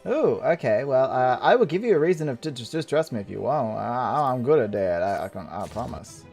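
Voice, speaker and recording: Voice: medium pitch, animated, brisk, creaky, a little mellow, husky, faint music behind. A game player giving goofy, giggly, rambling casual commentary while playing an online role-playing game. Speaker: let's play gamer.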